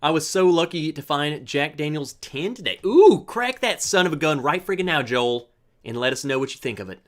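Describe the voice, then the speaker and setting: A livestream host chats casually and cracks jokes while reading viewer comments and greeting people by name. His voice is a little high and expressive, at a moderate pace.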